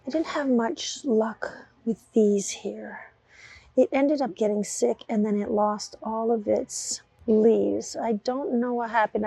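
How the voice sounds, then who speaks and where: A woman with a slightly high, mellow voice who talks slowly and unhurriedly. She chats enthusiastically to her viewers while browsing plants at an indoor garden center, in a relaxed vlog style. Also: creaky, slightly rough, dry recording, poor audio. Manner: chatty and enthusiastic, addressing viewers as "guys". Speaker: gardening vlogger. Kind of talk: casual vlog narration while shopping.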